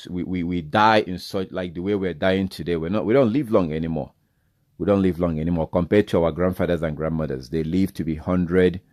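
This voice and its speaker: Blunt, deep-voiced man preaching. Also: darkish tone, dry recording, clean studio sound. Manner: blunt, repetitive and exhorting. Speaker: bible teacher. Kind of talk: informal sermon.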